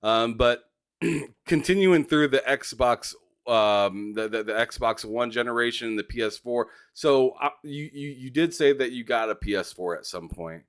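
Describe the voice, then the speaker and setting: A man's voice: medium pitch, unhurried, clean tone. A man hosting a casual gaming interview, laughing often and restarting his sentences. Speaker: podcast host.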